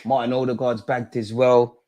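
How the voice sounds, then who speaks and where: A young man hosting a live football watch-along, reacting with slangy banter that swings from loud shouting to low muttering. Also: flat delivery, normal speed. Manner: slangy banter, swears at the screen. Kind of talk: live match reaction commentary.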